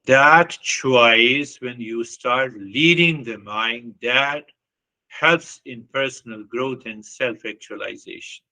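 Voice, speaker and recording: A man's voice: mid-range voice, takes it slowly, pushed and bright, poor audio. A man giving a reflective spiritual talk, earnest and repetitive, often questioning his listeners. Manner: earnest, repetitive, with short laughs and acted quotes. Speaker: spiritual teacher.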